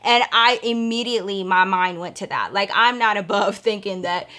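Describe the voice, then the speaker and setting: A young woman recounts a strange night in a lively, chatty way, addressing her viewers directly and slipping into the voices of the people involved. Her voice is bright and forward, sitting at a middle pitch. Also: moderate pace. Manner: animated, acts out quoted voices, addresses viewers as y'all. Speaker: storytime vlogger. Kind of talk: casual storytelling.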